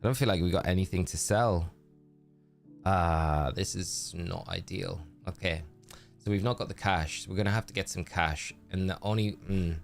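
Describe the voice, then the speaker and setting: Male streamer, deep voice, chatty and thinking aloud, faint game music behind. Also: normal speed, vocal fry. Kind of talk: casual game commentary.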